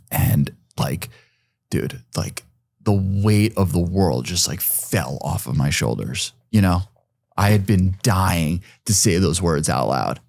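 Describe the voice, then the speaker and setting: A man's voice: deep voice, slow pace, darkish tone, dry recording, studio quality. A man in his forties, a podcast guest, telling a personal story in a rambling, casual way, full of fillers and some swearing.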